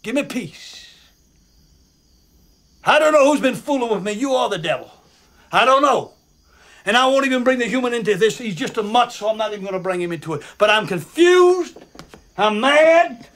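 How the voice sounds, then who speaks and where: Desperate praying man in film clip, pleading, very high strained voice. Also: expressive, moderate pace, long pauses. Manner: pleading, raw, shouting then muttering. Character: anguished middle-aged man praying, yelling at God.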